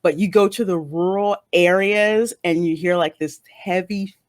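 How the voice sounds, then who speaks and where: A woman from the northern United States with a Northeastern American accent hosts a casual online interview, chatting and laughing often as she acts out what people say. Her voice is on the low side and a little slow, with clean studio sound and no room sound.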